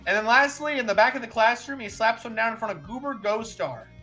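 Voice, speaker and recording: A streamer narrating a live tabletop role-play as game master with animated storytelling. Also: medium pitch, a little fast, soft background music.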